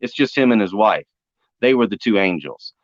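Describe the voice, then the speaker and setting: A young man telling a spiritual testimony story, animated and acting out the voices he quotes. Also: lowish voice, normal speed, dry recording. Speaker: speaker giving testimony. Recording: dry, dull lo-fi audio.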